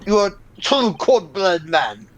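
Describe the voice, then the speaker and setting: A man's voice: sits high, very animated. A man voicing a stern, threatening ship officer interrogating a suspect in a fan dub. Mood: menacing. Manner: threatening, slow and clipped.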